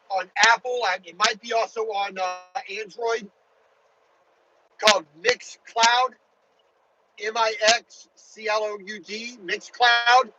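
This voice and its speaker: Inside his truck cab on the highway, a driver talks casually and rambles to viewers as he drives. His high male voice has a sharp tone, and the dull audio carries slight background noise.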